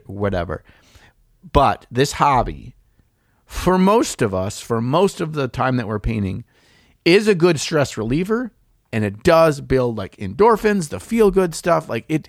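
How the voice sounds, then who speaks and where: A man's voice: medium pitch, sing-song, unhurried, dry recording, studio quality. A young man co-hosting a podcast about miniature painting, chatting casually in a laid-back, jokey way and often restarting his sentences. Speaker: podcast co-host.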